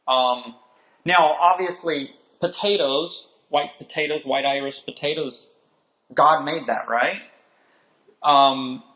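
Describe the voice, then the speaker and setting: A man co-hosting a health talk, adding examples in a halting way with pauses. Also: on the high side, a bit bright, poor audio.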